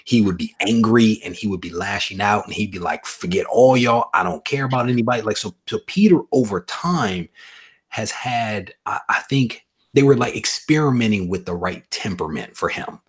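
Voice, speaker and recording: A man hosting a casual comics chat on a video call, thinking out loud at length and checking in with rhetorical questions. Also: lowish voice, animated, normal speed, slightly rough. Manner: thoughtful, explains at length with rhetorical asides. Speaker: comics podcast host.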